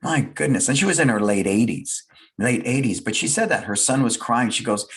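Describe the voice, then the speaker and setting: A man's voice: medium pitch, lively intonation, fairly quick, breathy edge. A middle-aged man giving a motivational fireside talk, earnest and emphatic, repeating his key phrases. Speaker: guest speaker, business leader.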